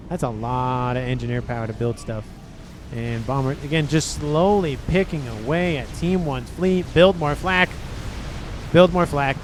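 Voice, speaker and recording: Excitable man casting a strategy game. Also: fairly high pitch. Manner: excitable, talks to the players. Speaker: game caster.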